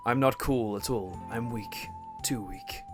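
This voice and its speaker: A man voicing a young male desert warrior who is ashamed and doubts himself, read low and slow in a game let's play. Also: soft background music, lightly acted. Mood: dejected.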